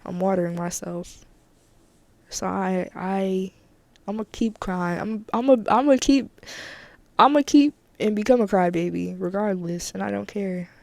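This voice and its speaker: Candid woman with a gravelly voice. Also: mid-range voice, measured pace, darkish tone, no room sound. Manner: candid, emphatic, repeats herself. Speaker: podcast host. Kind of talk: casual solo podcast monologue.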